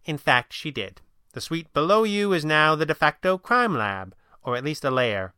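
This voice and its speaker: Male narrator doing a cheeky young woman thief, high-pitched, breezy banter, crisp voice, dry sound. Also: sing-song, moderate pace, pushed and bright, dry recording. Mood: playful. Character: quick-witted young woman thief in disguise. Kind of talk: audiobook narration.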